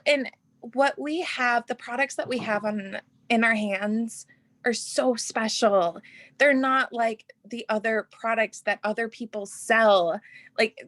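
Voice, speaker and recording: A young woman, a guest on a video call, telling her story in an earnest, emotional, halting way. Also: a little high, fairly bright tone, dry recording.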